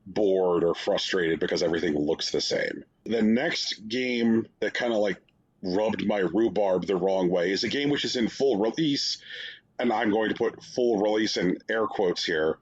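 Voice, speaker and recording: A man with a fairly low, husky voice co-hosts a podcast, rambling through long sarcastic stories packed with fillers. The casual chat centers on reviewing games, and the recording has a dull, lo-fi sound.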